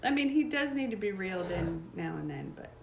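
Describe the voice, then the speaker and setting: A woman's voice: medium pitch, very animated, gravelly, lo-fi sound, a crowd in the background. A middle-aged woman who is a grandmother, co-hosting a casual podcast chat and often chiming in to agree. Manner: chatty, quick to agree and chime in. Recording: echoey room.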